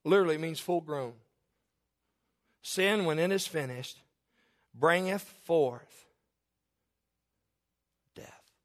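A high-pitched male preacher delivering a sermon. He reads scripture slowly in a lowered voice, then rises loud and high for emphasis. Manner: swings from low measured scripture reading to loud rising emphasis. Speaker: pastor.

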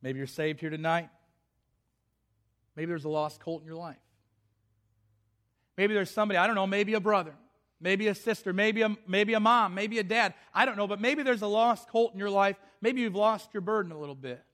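A man's voice: high-pitched, normal speed, pauses often, fairly bright tone. A man preaching a sermon with passion, repeating phrases and restarting his sentences. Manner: impassioned, repetitive, with frequent restarts.

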